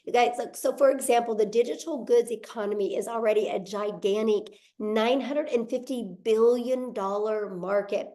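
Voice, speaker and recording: A woman hosting an online webinar, giving an upbeat sales pitch and addressing viewers directly. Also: moderate pace, hardly any pauses, warm tone. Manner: upbeat, keeps saying "you guys". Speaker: webinar host.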